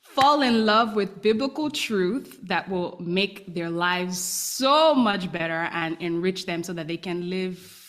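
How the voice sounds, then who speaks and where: A woman author being interviewed, expressive and quick to laugh, chiming in often. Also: lowish voice. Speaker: author, guest. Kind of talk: casual interview chat.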